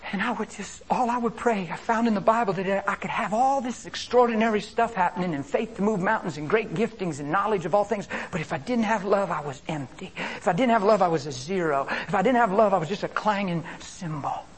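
A man preaching a sermon with animated delivery, swinging between loud exclamations and hushed asides. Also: high voice, fairly quick, few pauses, husky.

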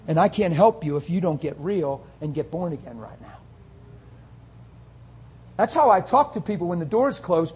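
A male pastor preaching a sermon, forceful and confrontational, often breaking into shouts. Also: high-pitched, breathy edge.

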